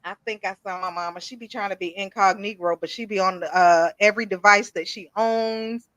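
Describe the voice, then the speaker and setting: A woman's voice: mid-range voice, steady tone, a little fast, a bit bright, no echo. A woman hosting a live-streamed podcast, playful and hyped, chatting with viewers. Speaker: podcast host. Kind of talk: casual live-stream chat. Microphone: streaming setup.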